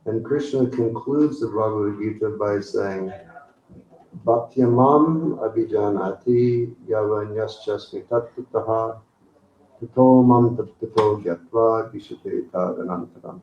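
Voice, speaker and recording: A man gives a sermon in a slow, mellow voice, pausing between phrases as he quotes scripture. He is heard from a distance in a roomy hall. The recording sounds dull and lo-fi with a faint hiss. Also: on the low side. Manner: slow, gentle, pausing often, quoting scripture. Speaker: guru giving a spiritual talk. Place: hall during an evening program.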